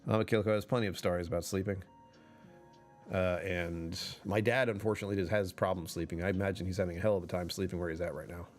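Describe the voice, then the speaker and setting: A man's voice: sits low, fairly even intonation, fast talker, faint music behind. A man chatting casually on a livestream, rambling and correcting himself, often laughing mid-sentence.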